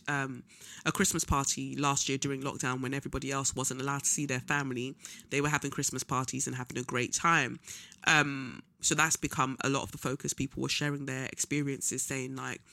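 A man's voice: mid-range voice, pushed and bright, no echo, studio quality. A young man gives a casual political commentary monologue, blunt and scornful, full of slang and frequent ums. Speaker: vlogger.

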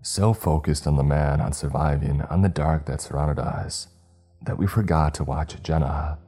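Deep dark-voiced guy reading a horror story, husky, faint music underneath. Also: fairly even intonation, moderate pace. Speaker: narrator. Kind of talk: scripted horror narration.

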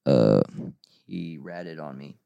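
A man's voice: rumbling low, animated, slow pace, gravelly, mellow, no room sound, highs cut off. A young man in casual chat, joking and mocking himself while reciting lists.

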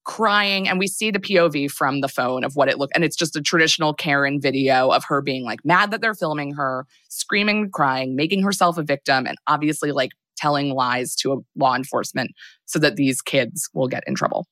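A woman's voice: low-pitched, fairly quick, a bit bright, dry recording. A young adult woman casually recapping a film as a podcast host, rambling with lots of fillers.

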